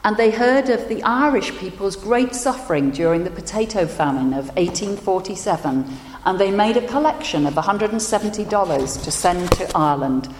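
A woman minister giving a sermon and leading a prayer, telling stories in a measured, gentle way. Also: fairly low pitch, slight background noise. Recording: echoey hall with long reverb.

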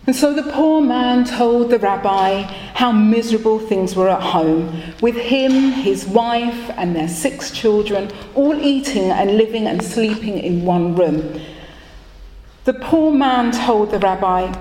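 A woman telling a folk story slowly and expressively during a worship service. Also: mid-range voice, slight background noise. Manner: slow, expressive. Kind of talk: told story. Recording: echoey hall with long reverb.

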